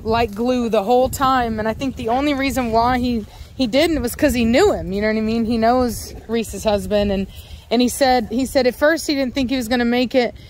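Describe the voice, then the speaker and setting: A woman's voice: fairly high pitch, a little hiss or hum. A woman, a dog breeder talking casually outdoors while she watches her dogs and fills her speech with ums and likes. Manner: chatty, lots of fillers, voices her dogs' thoughts. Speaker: dog breeder and channel host. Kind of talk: casual outdoor vlog narration.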